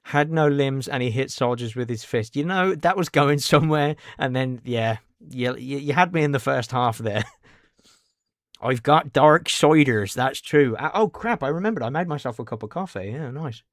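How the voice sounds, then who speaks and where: A man's voice: mid-range voice, animated, normal speed, dry recording, studio quality. A man chatting casually on a game livestream, rambling and answering his chat. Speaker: game streamer.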